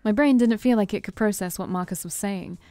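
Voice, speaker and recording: Woman streamer reading a visual novel out loud, expressive, chatty asides, dry close sound, soft music behind. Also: mid-range voice, fairly quick, no echo. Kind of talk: reading game text aloud with casual asides.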